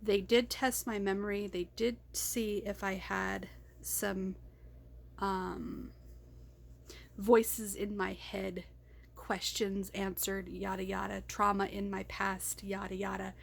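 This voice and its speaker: A woman's voice: mid-range voice, level tone, slow, vocal fry. A woman talking to her camera in an unscripted video diary, rambling and distracted, often breaking into laughter. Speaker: vlogger.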